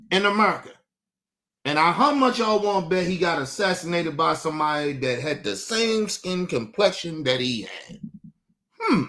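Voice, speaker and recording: A man on a livestream delivers a combative, profanity-laced rant at his chat. His voice sits high for a man, and he circles back over his own words as he argues. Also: animated, moderate pace, a bit bright. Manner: combative, profane, repeats himself. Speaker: livestream host.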